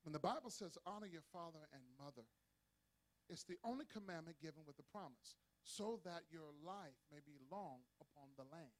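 A man preaching a sermon as pastor, leading the congregation in call-and-response and swelling to shouts. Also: fairly high pitch, animated, normal speed.

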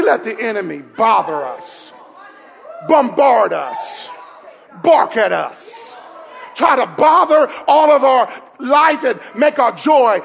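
A man preaching a sermon as pastor, laughing between lines and building to shouted, repeated calls to the congregation. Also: extremely high pitch, very animated, takes it slowly, vocal fry, some chatter behind, slight background noise. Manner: repeats phrases, laughs while speaking.

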